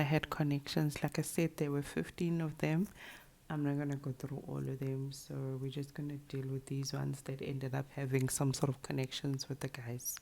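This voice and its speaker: A woman giving a casual, chatty recap of a show's cast, tossing in quick sassy asides. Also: sits low, vocal fry, dark tone. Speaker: reality show commentator. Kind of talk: casual show recap to camera.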